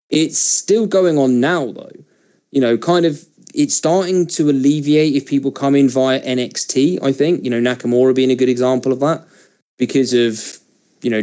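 Male podcast co-host, mellow dark tone, opinionated and casual. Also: mid-range voice.

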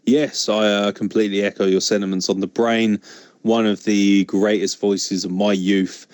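A man's voice: lowish voice, little pitch movement, normal speed, a little mellow, dry recording, studio quality. A man hosting a casual wrestling podcast, joking and chatty. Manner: joking, mock wrestling promo bits. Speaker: podcast host.

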